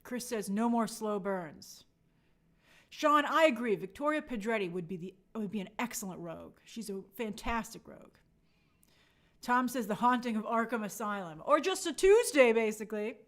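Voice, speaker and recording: A woman's voice: fairly high pitch, expressive, moderate pace. A young adult woman hosting a casual review show, reading viewer comments aloud and acting out quotes in playful voices. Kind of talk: casual live chat review.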